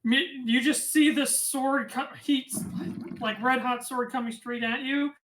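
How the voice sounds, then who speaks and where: A woman running a tabletop game as game master, narrating the action and reading out rules in a casual, quick way. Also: sits high, fairly even intonation, fairly bright tone, a little hiss or hum, rough recording.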